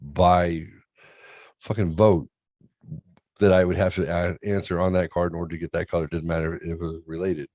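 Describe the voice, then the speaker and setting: A man's voice: deep voice, flat delivery, moderate pace, a little mellow, no room sound, clean studio sound. A man hosting a talk show, chatting crudely and rambling, often acting out other people's voices in his stories. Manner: profane, rambling, acts out voices in anecdotes. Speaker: podcast host. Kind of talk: crude comedic chat.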